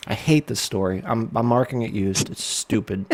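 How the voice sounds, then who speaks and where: A man's voice: on the low side, moderate pace, a little hiss or hum. A middle-aged man co-hosting a casual show over a video call, blunt and sarcastic, swearing freely. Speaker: co-host. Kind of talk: casual banter.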